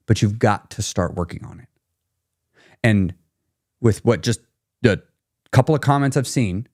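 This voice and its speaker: A man hosting a casual live stream, talking straight to viewers in a pushy, teasing way and laughing often. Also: fairly low pitch. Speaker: live stream host, weight loss coach.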